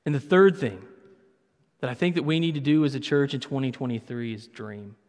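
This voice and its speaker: A man's voice: medium pitch, a little fast, darkish tone. A man preaching a sermon as pastor, conversational with playful asides. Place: church sanctuary. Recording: long reverb of a church hall.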